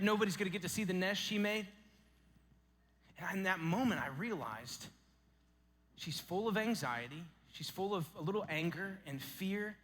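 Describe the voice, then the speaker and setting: Guy preaching at a youth camp, bright tense voice, telling stories, echoey hall. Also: sits high. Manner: storytelling, animated, dramatic pauses. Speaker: camp speaker.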